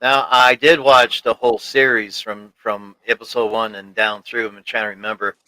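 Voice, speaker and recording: A man in a casual review chat who speaks slowly, searching his memory as he talks. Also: on the low side, little pitch movement, sharp tone, no echo, rough recording. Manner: slow, searching for memories, brief agreements.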